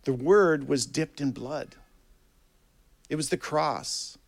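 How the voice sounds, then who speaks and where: A male preacher with a slightly high, gravelly voice delivers a sermon. He talks earnestly and reads scripture aloud, dropping low and quiet, then rising to loud emphasis. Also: takes it slowly.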